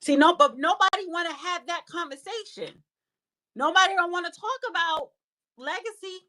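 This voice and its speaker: A woman with a very high, pushed, bright voice hosts a live audio room at a moderate pace. She talks bluntly about politics, swearing plenty and scolding as she calls on speakers in casual, heated discussion.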